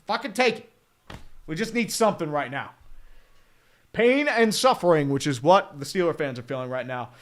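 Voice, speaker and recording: A man's voice: a little high, expressive, moderate pace, pauses often. A man in his thirties giving live play-by-play as a fan streamer, profane, exasperated and sarcastic as he reads chat between plays. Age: 30s.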